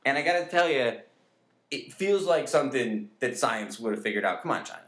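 A man chats on a comedy podcast, cracking dry jokes with a lively, up-and-down delivery. His voice sits in a roomy echo. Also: mid-range voice, brisk. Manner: joking, dry quips. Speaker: podcast co-host. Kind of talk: casual comedic chat.

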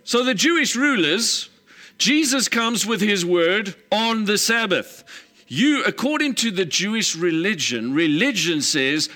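A male pastor preaching an emphatic sermon, retelling scripture scenes in a lively storytelling way. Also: sits high, measured pace.

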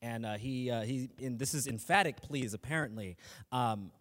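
A man's voice: mid-range voice, normal speed, fairly bright tone, big-room sound. A man giving a casual, earnest faith talk as a lay teacher, speaking conversationally with frequent restarts and fillers.

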